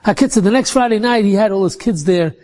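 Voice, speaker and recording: Guy telling a story, high voice, animated, repeats words a lot. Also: quick pace. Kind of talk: told religious story.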